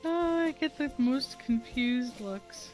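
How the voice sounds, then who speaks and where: A woman's voice: high voice, lively intonation, slow, darkish tone, soft background music. A woman livestreaming a game from home, chatting playfully and laughing often. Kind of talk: casual gameplay livestream chat.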